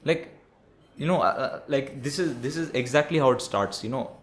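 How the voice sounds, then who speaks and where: Young man, mid-pitch, profane and preachy, talks down to the audience like a mate. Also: moderate pace, a little hiss or hum. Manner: blunt, profane, preachy, says "bro" often. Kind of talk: ranting monologue.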